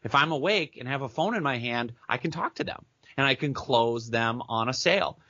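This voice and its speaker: Bright, upbeat American man talking sales. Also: mid-range voice, no room sound, lo-fi sound. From Minneapolis area, United States. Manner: enthusiastic, fast-talking salesman, acts out chat messages. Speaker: guest, business coach. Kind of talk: podcast interview.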